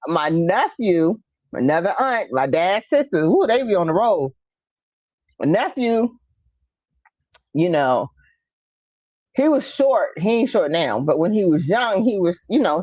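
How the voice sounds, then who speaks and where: Chatty woman host, lowish voice. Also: very animated, a little slow, darkish tone, dry recording. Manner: storytelling, laughing, acting out relatives. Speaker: show host reading viewer comments. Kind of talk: casual chat.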